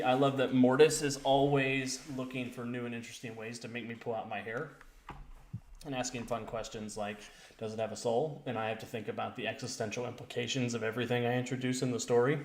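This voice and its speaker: A man's voice: medium pitch, fairly even intonation, fairly quick, a little hiss or hum. A man running a tabletop role-play stream as game master, talking enthusiastically and laughing often. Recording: roomy echo.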